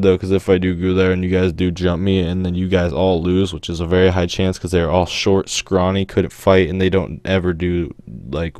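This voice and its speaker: Teen male vlogger, very low voice, dry sound, slangy rambling storyteller. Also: darkish tone, no room sound. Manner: rambling, many fillers and restarts, slangy. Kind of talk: casual storytelling over gameplay.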